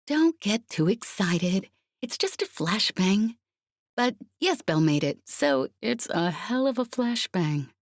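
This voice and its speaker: A woman reads an audiobook in clean studio sound with no echo, performing a full character voice of a bold, grinning, cocky young woman leading a crew. She pitches the voice above her own mid-range tone and delivers it slowly but very animatedly.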